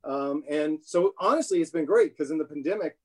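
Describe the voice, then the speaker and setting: A middle-aged man talking as a guest in a casual interview, relaxed and rambling with fillers. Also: fairly high pitch, a little fast.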